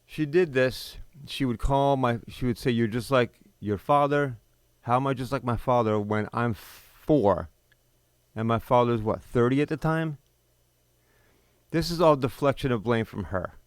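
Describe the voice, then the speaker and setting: A middle-aged man speaks in a plain, mid-pitched voice, recorded close and dry with no room sound. He tells his own story bluntly and with open bitterness. He pauses suddenly for emphasis. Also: smooth, no room sound. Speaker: podcast host. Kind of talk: personal storytelling monologue.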